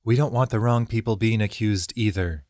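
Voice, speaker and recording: A man's voice: lowish voice, normal speed, a little mellow, dry recording, clean studio sound, close to an everyday voice. A man voicing a blunt, wry young woman adventurer in an audiobook. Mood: guarded.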